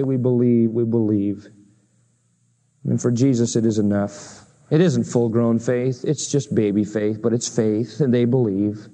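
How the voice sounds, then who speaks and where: Guy preaching a bible sermon, kinda high voice, earnest, gets pitchy and emphatic on the big lines. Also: darkish tone.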